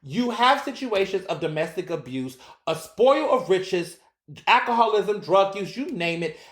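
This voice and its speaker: A man hosting his own podcast, giving casual, animated solo commentary with profanity and acted-out quotes. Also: sits high, a little slow. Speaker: podcast host. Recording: roomy echo.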